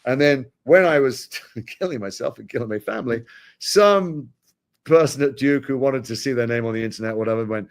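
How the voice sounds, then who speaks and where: A middle-aged man from Britain, an actor chatting as an interview guest, telling animated stories with quick asides. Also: medium pitch. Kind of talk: casual interview chat.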